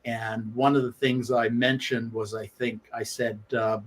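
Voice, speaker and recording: A man guesting on a sports talk show and telling stories with lively energy, his voice sitting at an ordinary middle pitch. He stops and restarts his sentences often. He slips into the voices of the people he quotes. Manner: animated, acts out quoted lines; halting with frequent restarts. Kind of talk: anecdotal storytelling on sports radio.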